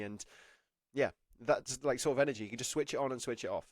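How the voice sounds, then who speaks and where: A young apprenticeship advice vlogger speaks to camera, giving casual, chatty advice that rambles and leans heavily on "like," often self-conscious and laughing. He talks fast at medium pitch, in a dry recording with clean studio sound.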